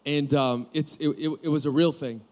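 A man in his forties preaches to his congregation, sharing a personal story candidly and breaking into quick jokes. His speaking voice sits a little on the high side. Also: fairly even intonation, darkish tone. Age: 40s. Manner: candid storytelling with joking asides. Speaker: pastor. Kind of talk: sermon. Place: camp gathering room with audience.

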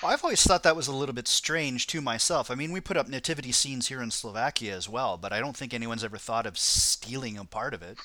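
A man's voice: medium pitch, fast, few pauses, sharp tone, no echo. A man co-hosting a casual podcast, opening the show with upbeat announcer-style intros and reading listener mail. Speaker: podcast co-host.

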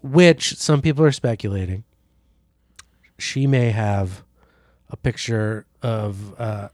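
Deadpan man hosting a comedy news bit. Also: lowish voice, slow pace, no echo, studio quality. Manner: deadpan mock-newsreader delivery. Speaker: podcast co-host. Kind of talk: comedic podcast banter.

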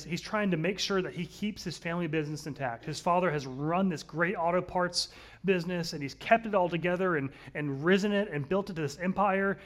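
A man, likely in his thirties, preaching a conversational sermon, earnest, swinging between louder and softer passages. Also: sits high. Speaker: pastor.

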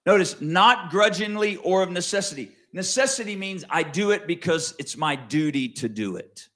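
Preacher with lively, swinging delivery. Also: male voice. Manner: conversational with wide swings in pitch and loudness, slows to stress key words. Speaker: pastor. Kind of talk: sermon.

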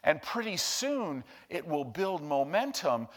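High-voiced, emphatic male preacher. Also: slow pace. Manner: emphatic, animated, with big swings from hushed to loud. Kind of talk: sermon.

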